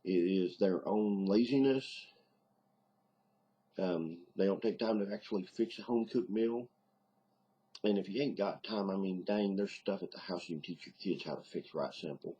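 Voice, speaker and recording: A man's voice: sits low, mellow, breathy edge. A middle-aged man with a Southern US accent, rambling in a casual video diary with lots of ums. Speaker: video diarist. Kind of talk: casual vlog monologue.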